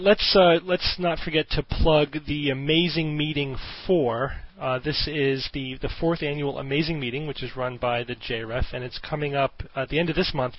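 A man's voice: a little high, no echo. A man hosting a podcast, explaining his views earnestly with hesitant restarts. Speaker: podcast host. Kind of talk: casual discussion. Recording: dull dry audio.

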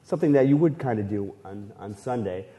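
A man co-hosting a podcast, talking through his picks in an animated, incredulous way with plenty of laughs. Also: lowish voice, brisk, dull audio. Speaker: podcast co-host. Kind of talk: casual banter.

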